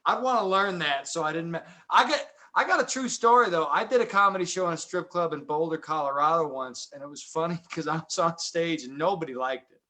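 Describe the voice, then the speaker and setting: High bright guy cracking jokes, laughing, a bit of hiss behind. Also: a little fast, few pauses. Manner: joking, laughing. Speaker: guest comedian. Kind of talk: casual chat.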